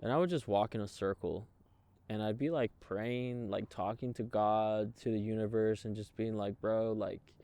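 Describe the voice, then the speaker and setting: A man, a guest in an interview, telling his own story in a raw, emotional way, swearing freely and halting often. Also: on the low side, mellow, no echo. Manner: halting, many fillers and restarts. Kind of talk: candid personal storytelling.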